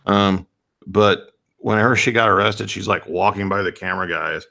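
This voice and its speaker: A man's voice: low voice, level tone, moderate pace, gravelly, bright, forceful tone. A man co-hosting a casual podcast, telling crude jokes and laughing often. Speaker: podcast co-host. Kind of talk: casual uncensored chat.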